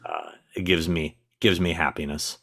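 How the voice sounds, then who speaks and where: Middle-aged male co-host, very deep voice, reads viewer questions with dry asides. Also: fairly even intonation, normal speed, a bit bright, breathy edge. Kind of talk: casual live chat.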